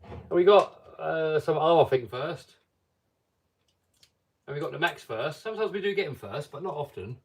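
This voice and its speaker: A man's voice: fairly high pitch, animated, moderate pace, long pauses, a little mellow, distant mic. A man hosting a casual live stream, chatting and reading viewer comments aloud.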